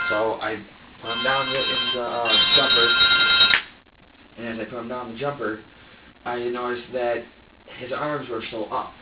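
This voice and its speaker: A man being questioned by police, talking in halting bursts, repeating words and swearing as he quotes himself. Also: medium pitch, flat delivery, over loud music. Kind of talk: police interrogation recording. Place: interrogation room. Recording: roomy, distant, dull with hiss.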